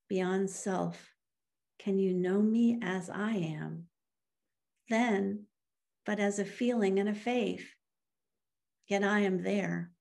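A middle-aged woman minister delivers a sermon at an unhurried pace, telling a story and then reading a poem aloud. Her voice has a gravelly edge, and her tone is earnest, rising with feeling at the dramatic moments. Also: medium pitch, darkish tone. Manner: slow, earnest, with emotional swells.

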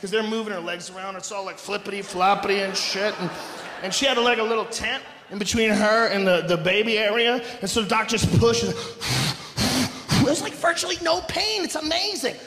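Middle-aged guy doing stand-up, yelling crude punchlines, high-pitched voice, big echoey hall with crowd noise. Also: fairly even intonation, fairly quick. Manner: loud, profane, shouting punchlines. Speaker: stand-up comedian. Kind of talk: stand-up comedy routine. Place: large theater stage before a live audience.

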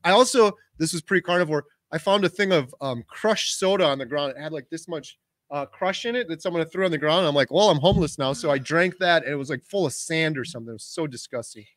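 Man in his 40s, livestream host, lively storyteller, fairly high voice, dry close sound. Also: fast talker, no echo. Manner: animated storytelling, talks over his wife. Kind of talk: casual livestream chat.

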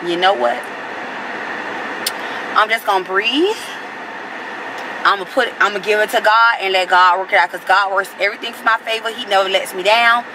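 A woman's voice: medium pitch, moderate pace, pauses often, background noise. A young woman vlogging casually to her viewers, chatty and venting at times. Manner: chatty, venting, animated when annoyed. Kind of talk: casual vlog chat.

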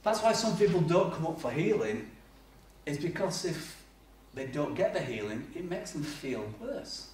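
Male preacher, animated storyteller, recorded from afar in a reverberant hall. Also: a little high, measured pace, a little hiss or hum. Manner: lively storytelling with acted-out voices and humor. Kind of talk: sermon. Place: church hall. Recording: echoey church hall from far off.

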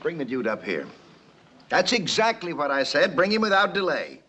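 A pompous city mayor in a 1960s film, blustering and full of his own importance. His voice is bright and a touch high, and it swings widely in pitch. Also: huge pitch swings, moderate pace, muffled recording, slight background noise, full character voice.

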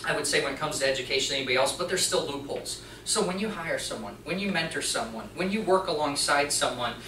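A man giving a live training presentation to an audience, telling a story in an animated way and acting out the dialogue. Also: on the high side, fast, a little hiss or hum. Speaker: workplace trainer and mechanic. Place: meeting room at a hospital. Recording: roomy echo, distant mic.

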